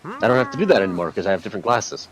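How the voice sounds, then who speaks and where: A man from Canada co-hosting a let's play on a headset mic, talking in a deadpan, literal way. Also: lowish voice, rapid-fire. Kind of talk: casual gaming chat. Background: game music.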